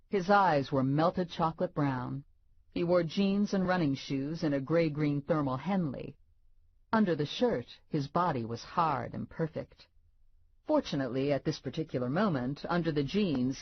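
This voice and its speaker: Low husky woman narrating an audiobook. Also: muffled recording. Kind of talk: first-person audiobook narration.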